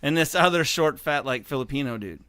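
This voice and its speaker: A man's voice: a little high, expressive, bright, forceful tone, smooth, no room sound, studio quality. A man, a podcast co-host, chiming in and retelling a night out in casual chat. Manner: laughs often, chimes in with quick asides.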